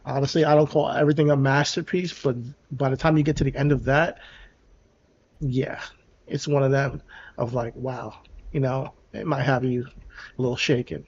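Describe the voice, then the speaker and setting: A man's voice: medium pitch, fairly even intonation, moderate pace, darkish tone, slightly rough, muffled recording. A man co-hosting a podcast in casual chat, earnest and enthusiastic, with some restarts. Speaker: podcast co-host.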